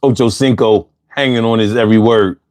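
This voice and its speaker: A man's voice: fairly low pitch, fairly even intonation, a little fast, a little mellow, a little hiss or hum. A man hosting a casual livestream, reading out chat comments in a loose, slangy way and laughing often, a little bothered by allergies.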